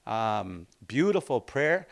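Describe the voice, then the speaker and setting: A man teaching an informal language class in an unhurried, reflective, storytelling way. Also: mid-range voice, sing-song, vocal fry.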